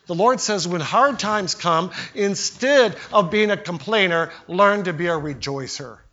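An older pastor preaches with a bright, forceful, slightly high voice, telling homely stories and acting out what people said. The recording sounds dull and lo-fi. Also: male voice, expressive, measured pace. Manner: storytelling preacher, acts out quotes with voices. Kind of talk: sermon.

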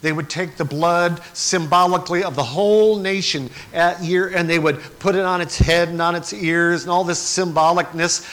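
A man preaching a sermon, moving from quiet, low passages to loud, dramatic cries. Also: fairly even intonation, normal speed, few pauses. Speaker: pastor.

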